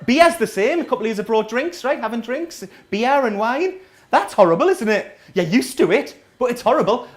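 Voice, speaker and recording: A man, doing a chatty, sardonic live stand-up set in a small coffee shop, often checking in with the crowd. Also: high-pitched. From North East England. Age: 30s. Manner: sardonic, chatty, keeps asking the crowd "right?". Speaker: stand-up comedian.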